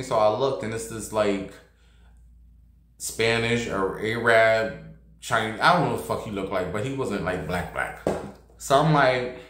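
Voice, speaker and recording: A man's voice: mid-range voice, a bit bright, reverberant. A man vlogging, telling a night-out story in a brash, profane, gossipy way. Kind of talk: casual storytelling.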